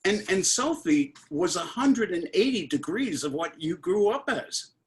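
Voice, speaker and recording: A man's voice: sits high, big pitch swings, a little slow. A man in his seventies from Brooklyn, interviewing a guest over a video call in an effusive, emotional way. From Brooklyn, New York. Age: 70s.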